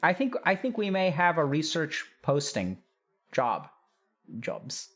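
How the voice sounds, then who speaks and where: A man's voice: a little high, sing-song, slow pace, a bit bright. A middle-aged man, a doctor, chatting casually on a live stream, thinking aloud and reading out chat with frequent restarts.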